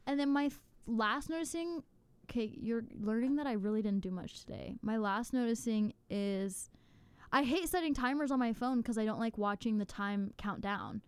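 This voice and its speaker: A young woman co-hosting a podcast, telling stories in an animated, exclaiming way. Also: on the high side, smooth, no room sound. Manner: animated storytelling with quick exclamations. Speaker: podcast co-host. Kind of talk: casual chat. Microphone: podcast mic on a laptop setup.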